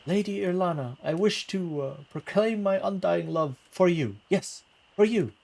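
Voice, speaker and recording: A man voicing a bumbling, lovestruck young male bard who stammers and talks in a higher, flustered voice. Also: expressive, unhurried, creaky, a little mellow, heavily acted. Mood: nervous.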